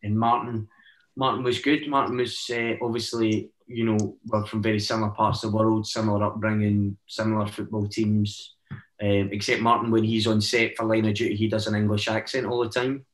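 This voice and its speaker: Low-voiced Scottish man, rambling. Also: level tone, fairly quick, echoey room, rough recording. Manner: rambling storytelling, many "eh" fillers. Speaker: actor guest. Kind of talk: casual chat.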